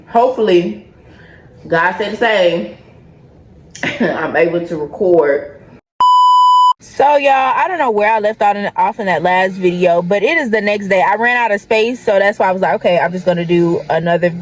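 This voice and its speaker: Chatty pregnant vlogger, roomy sound. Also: female voice, on the low side, darkish tone. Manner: chatty, loose, jokes and laughs between points. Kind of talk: casual pregnancy update vlog. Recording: echoey room.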